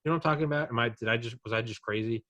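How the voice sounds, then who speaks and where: Young man, podcast host, casual profane rambling, mid pitch, dry close sound. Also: racing, bright, forceful tone, no room sound. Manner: rambling, profane, acts out drunk aliens in quotes. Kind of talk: casual chat.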